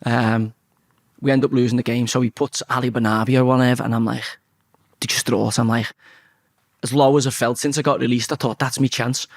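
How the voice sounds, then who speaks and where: A man's voice: medium pitch, fairly even intonation, brisk, no room sound, clean studio sound. A man with a Liverpool Scouse accent, a guest in a casual interview, telling stories bluntly and swearing freely. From Liverpool, England.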